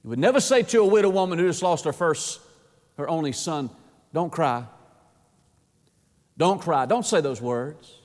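A man preaching a sermon, impassioned, often repeating words and swinging between hushed and rising delivery. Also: a little high, animated, fairly quick, long reverb tail.

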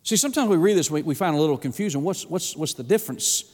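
A man's voice: a little high, animated, fast talker, darkish tone. A man preaching a sermon in a folksy, emphatic way, often calling out "my friend". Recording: long hall reverb.

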